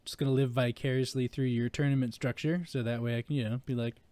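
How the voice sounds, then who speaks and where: A man's voice: mid-range voice, level tone, quick pace, a little mellow, no room sound. A man co-hosting a podcast in casual chat, joking, laughing often and rambling with fillers. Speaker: podcast co-host.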